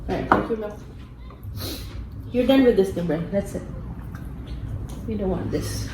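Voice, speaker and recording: A woman from the Philippines hosting a family mukbang vlog, chatting slowly and coaxing her child. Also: mid-range voice. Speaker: vlogger mother hosting a mukbang. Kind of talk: casual family vlog chat. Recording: echoey room with faint background hum.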